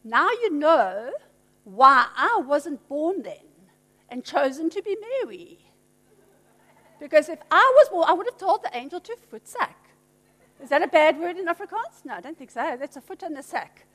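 Animated woman preaching. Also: high-pitched, normal speed. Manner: animated, teasing, emphatic, laughing asides. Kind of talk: sermon. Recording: long hall reverb.

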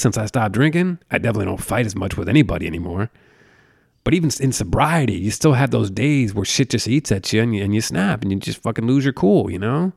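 Gravelly, profane rambling podcast host man. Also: mid-range voice, no room sound, clean studio sound. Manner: profane, tangent-prone storytelling. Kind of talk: casual rambling chat. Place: home. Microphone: podcast mic.

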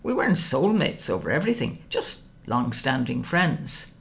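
A woman reading a first-person novel aloud, wry and expressive. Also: extremely low pitch, moderate pace, vocal fry. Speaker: audiobook narrator.

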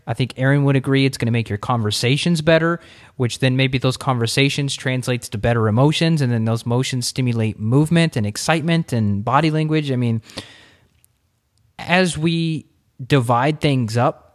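A man hosting an interview podcast, telling stories in a lively, expressive way. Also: medium pitch, normal speed. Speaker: podcast host. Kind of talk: casual interview chat.

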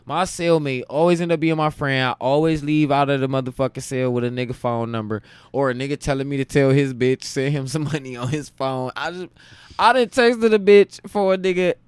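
A man from Cleveland in his late twenties, a podcast guest telling profane, animated stories in a casual chat. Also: mid-range voice, fairly quick, hardly any pauses, smooth, dry recording. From Cleveland, Ohio. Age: late 20s. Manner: profane, animated anecdote-telling with frequent laughs.

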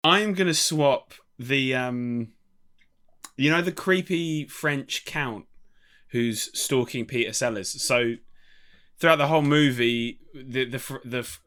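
A man's voice: mid-range voice, takes it slowly, fairly bright tone, clear, resonant tone. A man co-hosting a casual film podcast, rambling and swearing easily. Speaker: podcast co-host.

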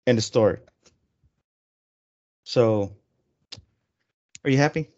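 A man's voice: medium pitch, slow, long pauses, darkish tone, dull audio. A man in his thirties, co-hosting a podcast in casual chat, laughing easily and dropping in Spanish slang. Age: 30s. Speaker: podcast co-host.

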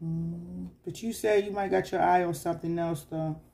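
A woman does a casual tarot reading for her viewers, chatty and slangy, teasing and scolding the listener with sudden loud bursts and often asking "you know what I'm saying?". Her voice is lowish with vocal fry, fairly even intonation and a moderate pace.

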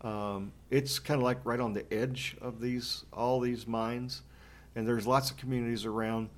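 A man's voice: mid-range voice, steady tone, a little slow. A man hosting a laid-back conversation. He tells his story in a loose, rambling way, with plenty of fillers along the way. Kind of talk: casual chat.

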